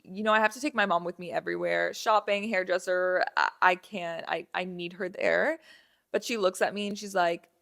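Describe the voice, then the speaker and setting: On her podcast, a young female host relates a casual story in an animated way, voicing the people involved and using lots of fillers and restarts. She speaks with a fairly low pitch and vocal fry.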